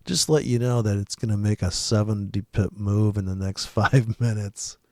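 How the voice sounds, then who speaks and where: A man's voice: lowish voice, steady tone, normal speed, darkish tone, no echo, studio quality. A man giving a rambling, profane forex market commentary, swearing often and laughing at his own jokes. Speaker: forex trader giving weekly forecast.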